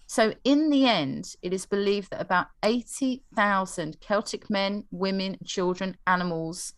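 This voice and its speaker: A woman's voice: mid-range voice, measured pace, no echo. A young woman on a casual history chat, telling the story in a chatty way with fillers and a readiness to laugh at herself.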